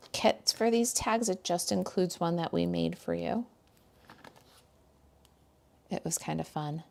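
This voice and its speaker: A woman's voice: mid-range voice, gravelly, darkish tone. A woman demonstrating card stamping live from her home craft desk, chatting casually with viewers as she works. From United States. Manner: chatty, friendly, talks to viewers and her dog while working.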